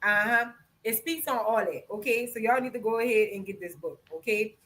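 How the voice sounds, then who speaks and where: A woman's voice: a little high, a little fast, fairly bright tone, rough recording. A woman from Louisiana, hosting a live stream and chatting loosely to viewers about a book she likes, swearing freely. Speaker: podcast host. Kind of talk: casual live-stream chat, book recommendation.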